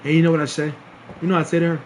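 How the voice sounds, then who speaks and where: A man's voice: a little high, flat delivery, rapid-fire, slight background noise. A young man streaming a casual storytime, laughing often and restarting his sentences in slangy talk.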